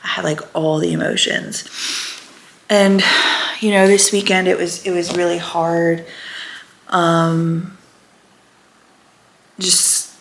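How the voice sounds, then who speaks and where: A woman's voice: lowish voice, level tone, takes it slowly, vocal fry, pauses often. A woman vlogger talking casually and candidly to the camera, sometimes dropping to a near whisper. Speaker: lifestyle vlogger. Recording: echoey room.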